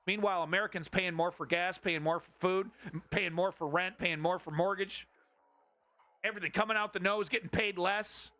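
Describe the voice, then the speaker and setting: A man's voice: sits high, fairly even intonation, normal speed, pushed and bright. A man hosting a live-streamed political commentary show, ranting in a profane and sarcastic way. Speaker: host.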